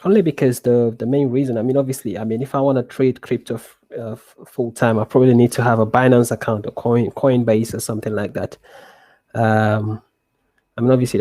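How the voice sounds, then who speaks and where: A man streaming live trading, answering viewer questions in a relaxed, rambling way with many restarts and fillers. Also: medium pitch, no room sound.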